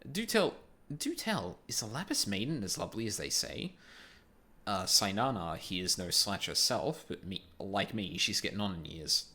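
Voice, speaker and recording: A man putting on a hearty old sailor from a game, gruff and folksy, full of ye and aye. His voice has a bright, tense edge. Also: fairly low pitch, very animated, normal speed. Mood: jovial. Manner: folksy, rough dialect with ye and aye. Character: gruff old male seafarer, jovial.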